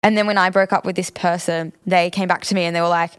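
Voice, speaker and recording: Young woman, slightly low voice. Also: flat delivery, clean tone. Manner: supportive, quick agreeing interjections. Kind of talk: casual chat.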